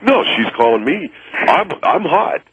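A man's voice: on the high side, big pitch swings, measured pace, slightly rough, pitched above the performer's own voice, exaggerated voice. A man voicing a cocky young male telemarketer in a radio comedy bit, smug and nasal, boasting about himself. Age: 20s. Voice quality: nasal, slurred speech. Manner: smug, boastful sweet-talker. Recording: dull radio broadcast sound.

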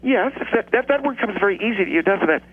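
A man voicing a boastful, combative woman who calls in, telling her story in a drawn-out way over a tinny phone line. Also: high voice, animated, husky, heavily acted. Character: brash Southern woman caller, boastful and combative. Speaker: caller.

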